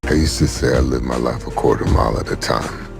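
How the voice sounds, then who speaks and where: An actor playing a solemn grown man remembering his brother, with a deep gravelly voice, in a film clip. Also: brisk, exaggerated voice. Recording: film clip with music behind.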